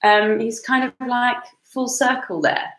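A woman's voice: a little high, fairly even intonation, unhurried. A woman teaching Shakespeare in an online lesson, sniffly and caught by sneezing fits, often breaking off to excuse herself. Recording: echoey room with faint noise.

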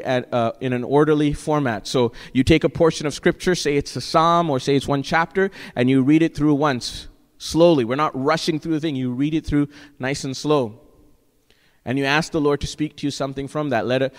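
A man preaching a sermon as pastor, earnest and exhorting, often checking in with the congregation with "right?". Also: on the high side. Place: church sanctuary. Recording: long church-hall reverb.

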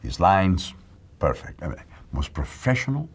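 An older man with a Mexican accent, an actor recalling his career in a reflective interview, speaking in a measured, admiring way. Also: deep voice, sing-song, husky. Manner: measured, admiring storytelling with pauses.

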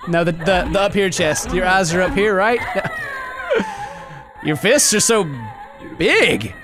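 A man giving casual gameplay commentary, goofy and excitable, bursting into shouts. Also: sits high, slow, music in the background. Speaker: YouTube gaming commentator.

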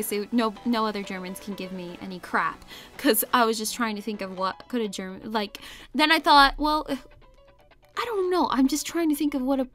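Her voice runs on the high side with a fairly bright tone as she narrates her art channel's casual voice-over. Giggly and self-conscious, she rambles about her drawings and keeps second-guessing herself.

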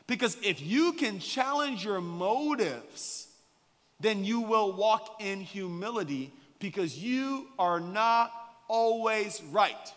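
A man preaching a sermon as a guest pastor, an animated, joking storyteller. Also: high voice, long reverb tail. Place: church sanctuary.

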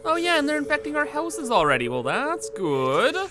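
A man's voice: extremely high pitch, huge pitch swings, normal speed, background noise. A young man giving playful, hyped commentary over his strategy game. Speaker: gaming YouTuber. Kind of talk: casual gameplay commentary.

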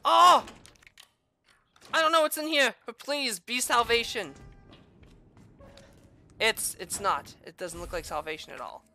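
A woman doing let's-play commentary on a horror game, excitable and profane, swinging between groans and shrieks. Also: a little high, normal speed, pauses often, faint music behind. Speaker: game streamer.

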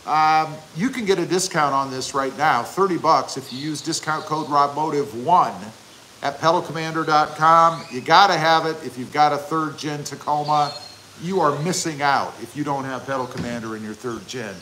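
A man's voice: fairly high pitch, moderate pace, sharp tone, a little hiss or hum. A man hosting a casual livestream, reading viewer comments aloud and answering them with chatty, jokey asides. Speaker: channel host reading live chat.

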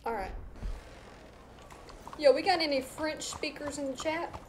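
A woman's voice: high-pitched, measured pace, slight background noise. A young woman casually commenting on her game and joking with viewers during a live stream. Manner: playful, joking, chatting to viewers.

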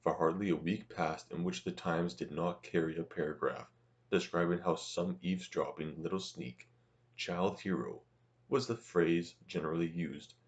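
Deep-voiced man narrating a novel. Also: muffled recording. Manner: steady, measured reading. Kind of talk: audiobook narration.

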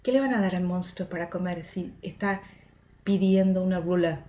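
A woman's voice: fairly low pitch, expressive. Woman teaching English to kids, dull recording. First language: Spanish. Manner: sing-song, mixing Spanish and English, drawn-out repetitions. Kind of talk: children's English lesson.

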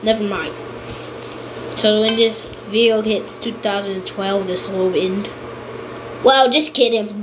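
A woman giving casual, rambling game commentary, excitable and repeating her pleas over and over. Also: a little high, slow pace, long pauses, slight background noise. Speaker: gameplay commentator.

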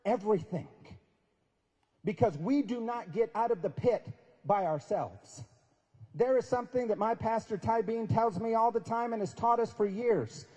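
In a large event hall with long reverb, a man in his forties gives an inspirational prayer breakfast talk. He tells stories conversationally and emphatically, acting out quoted dialogue. His voice is high and warm, with lively intonation and an unhurried pace.

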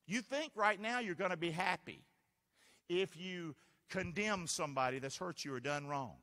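A man's voice: sits high, normal speed. A man pastor preaching a sermon, full of call-and-response questions aimed at the congregation. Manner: animated call-and-response preaching, asks the crowd to answer. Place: church sanctuary. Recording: long church reverb.

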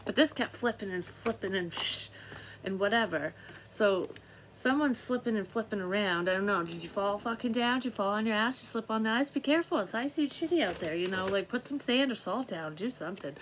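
A woman's voice: mid-range voice, animated, a little fast, a little hiss or hum. A middle-aged woman giving a casual, rambling tarot reading, swearing freely and laughing at herself. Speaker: tarot reader.

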